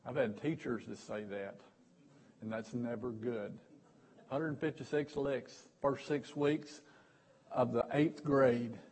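A man preaching in a husky, slightly rough voice at an everyday pitch. He tells folksy, self-mocking stories from the pulpit, stumbling over and repeating words, and now and then swells into loud bursts. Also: fairly even intonation, takes it slowly, low-quality recording. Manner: bursts into sudden loud stretches. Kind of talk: storytelling sermon.

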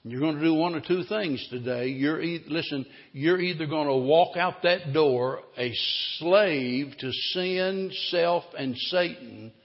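Dramatic preacher in a reverberant church. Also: male voice, a little high, measured pace, few pauses. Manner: dramatic, swings between loud and hushed. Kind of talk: sermon with storytelling. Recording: dull recording, long hall reverb.

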